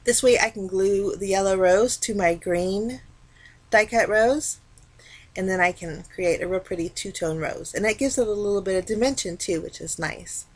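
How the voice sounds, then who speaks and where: A woman talking casually through a card-making tutorial, explaining each step in a relaxed, chatty way. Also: mid-range voice, moderate pace. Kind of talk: casual craft tutorial narration.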